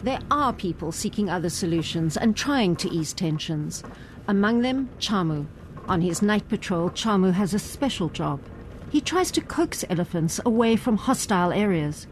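A woman narrates a news report in a measured, even voice. Her delivery is steady and scripted, with a faint hiss behind her. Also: mid-range voice.

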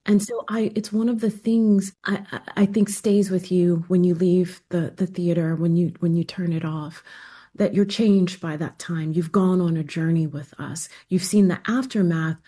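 A woman answering interview questions in a reflective way, pausing to search for words. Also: on the low side, steady tone, dark tone, breathy edge. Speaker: interview guest.

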